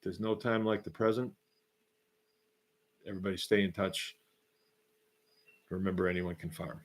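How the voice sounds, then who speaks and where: Folksy low-voiced farmer chatting. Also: male voice, steady tone. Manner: rambling, folksy storytelling with drawn-out asides. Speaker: farmer hosting a live stream. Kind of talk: casual live-stream chat reading viewer comments.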